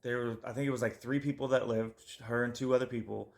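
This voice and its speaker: A man of ordinary pitch co-hosts a casual true-crime podcast. His talk rambles and restarts, heavy with swearing, and he often trails off while hunting for a name. The delivery is loose and conversational. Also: fairly even intonation, fast talker, vocal fry. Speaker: podcast co-host.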